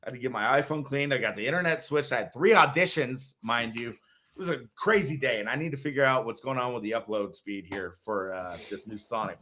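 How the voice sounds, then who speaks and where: A man in his thirties, a podcast co-host chatting casually and acting out lively stories. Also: medium pitch, a little fast, slight background noise. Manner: animated storyteller, acts out voices with shouts. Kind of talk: casual chat.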